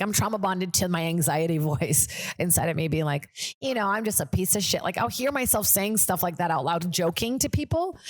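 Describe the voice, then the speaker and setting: A woman's voice: fairly low pitch, dry recording, studio quality. A woman hosting a comedy podcast, chatting casually in a rambling way, full of "like" and swearing. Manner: rambling, lots of "like", swears freely. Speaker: podcast host.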